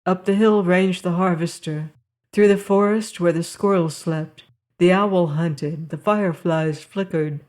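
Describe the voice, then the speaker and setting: A woman narrating a novel aloud in a calm, measured storytelling manner. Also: lowish voice. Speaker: audiobook narrator. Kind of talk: scripted narration.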